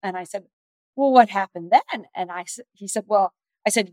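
A middle-aged woman speaking as the expert guest on a parenting podcast, telling stories lively and acting out the dialogue. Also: mid-range voice, normal speed, no room sound. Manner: animated storyteller, acts out dialogue. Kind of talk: podcast interview.

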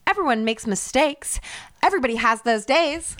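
Give me a woman with a higher voice co-hosting a podcast, giggling and joking in casual chat. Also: expressive, moderate pace, a bit bright. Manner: giggly, jokey banter. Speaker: podcast co-host.

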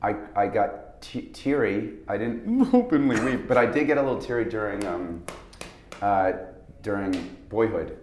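A man's voice: on the low side, sing-song, moderate pace, a little mellow, roomy sound, slight background noise. A man, an actor guest, telling rambling, self-deprecating stories in a casual interview. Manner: rambling, self-deprecating storyteller, laughs often.

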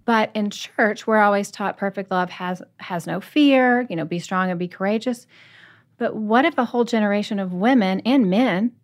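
A woman's voice: medium pitch, moderate pace. Earnest woman author telling her story. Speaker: author guest. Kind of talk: personal storytelling.

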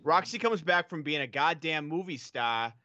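A man's voice: a little high, expressive, normal speed, muffled recording. A man putting on a Boston accent to play a furious, foul-mouthed local ranting at people. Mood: angry rant. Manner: shouted swearing rant.

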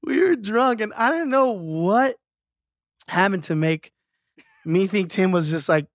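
A guest in a casual chat, relaxed and laughing, talking with many fillers. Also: medium pitch, unhurried, studio quality. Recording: roomy echo.

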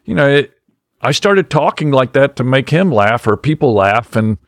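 A man chats casually as a guest, his pitch swinging up and down as he rambles and laughs at himself. The sound is dry and close. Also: lively intonation, normal speed, no echo. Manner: laughs often, rambling, self-deprecating. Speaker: guest, magician. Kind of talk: casual podcast chat.

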